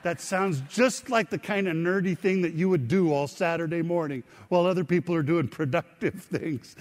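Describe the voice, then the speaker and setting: Male pastor, middle-aged, slightly high voice, chatty sermon, long church reverb. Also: brisk, few pauses. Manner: conversational, asks the congregation questions. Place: church sanctuary.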